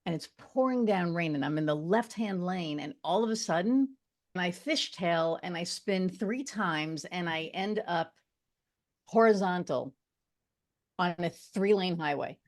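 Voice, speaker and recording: Woman telling a story with quick asides. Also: fairly low pitch, lively intonation. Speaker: guest. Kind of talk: casual storytelling chat.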